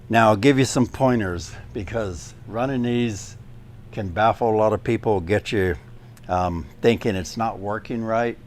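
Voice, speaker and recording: Diy guy with a lowish voice showing off a sander indoors, practical step by step tips. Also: a little hiss or hum. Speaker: DIY drywall YouTuber. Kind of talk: casual tool demonstration.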